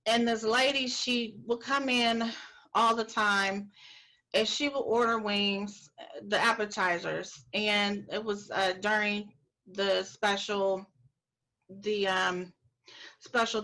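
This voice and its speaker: A woman hosting a casual author chat, telling stories with lively laughter. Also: mid-range voice, slow pace, poor audio. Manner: animated storyteller, laughs often. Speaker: host.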